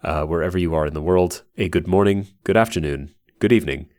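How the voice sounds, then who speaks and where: Low-voiced man hosting a podcast. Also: fast talker, a little mellow. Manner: laughs through flubbed intros, swears. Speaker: podcast host. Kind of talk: casual gaming podcast chat. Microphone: desk microphone.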